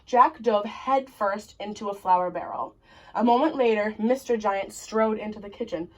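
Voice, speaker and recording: A woman reading a children's story aloud in an expressive, deliberate way. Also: medium pitch, low-quality recording.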